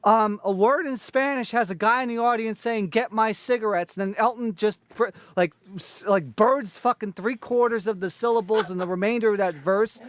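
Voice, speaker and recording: A man's voice: high voice, normal speed, few pauses, a bit bright, no echo. A man ranking concert recordings, firing off a long list of blunt complaints and swearing constantly. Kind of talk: profane critical rant.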